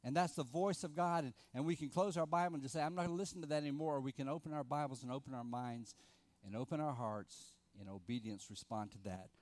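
A middle-aged man preaching a sermon, earnest, with rhetorical questions, rising for emphasis and dropping to quiet asides. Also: medium pitch, brisk, dry recording. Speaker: pastor.

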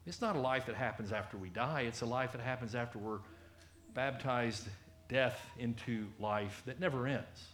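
A man preaching a sermon in a conversational, animated way, often acting out the people he quotes. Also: medium pitch, moderate pace, echoey room, a little hiss or hum.

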